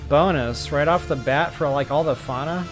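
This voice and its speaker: A man talking to his viewers in a relaxed, chatty way while he plays a game live. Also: on the high side, normal speed, faint music behind. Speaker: game streamer. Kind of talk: live gameplay commentary.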